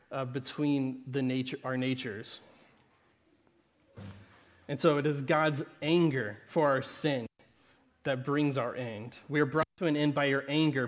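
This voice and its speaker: Conversational preacher with a Southern Arkansas accent. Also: male voice, medium pitch. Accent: Southern American (Arkansas). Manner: conversational, frequent "right?" and restarts. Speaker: pastor. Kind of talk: sermon.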